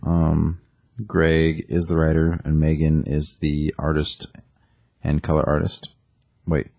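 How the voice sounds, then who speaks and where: Speaking slowly in an extremely low, monotone voice with vocal fry and a darkish tone, this podcast co-host rambles through a comic's plot, scattering ums and likes throughout. The casual comic book talk has studio-quality audio with no room sound.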